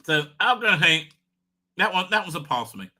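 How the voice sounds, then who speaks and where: A man's voice: high voice, sing-song, brisk, bright, forceful tone. A man hosting a casual livestream, rambling crudely with many fillers and tag questions. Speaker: livestream host.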